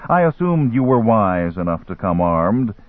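A man reading an audiobook, voicing a calm, scheming male merchant who works spells, smooth and quietly menacing. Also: fairly low pitch, moderate pace. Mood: persuasive. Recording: tinny phone-like line.

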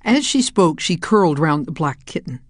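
Low-voiced woman reading a children's story. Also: very animated, moderate pace, no echo, clean studio sound. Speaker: narrator. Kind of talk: audiobook narration.

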